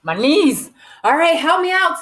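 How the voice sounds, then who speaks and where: A woman teaching young children to write, slowly sounding out words and spelling them letter by letter. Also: very high voice, very animated, a bit bright. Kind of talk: modeled writing lesson for young children.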